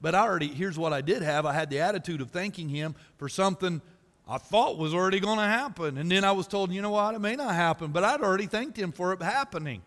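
Pastor, male, high bright voice, folksy and emphatic, big church reverb. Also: lively intonation, fast. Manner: folksy storytelling preacher, rises to loud emphasis. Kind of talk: sermon. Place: church sanctuary. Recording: reverberant hall.

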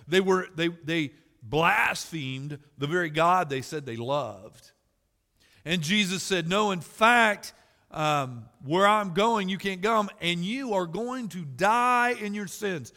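A man's voice: high-pitched, takes it slowly, sharp tone, big-room sound. A man preaching a sermon as pastor, earnest, building emphasis and joking asides to the congregation.

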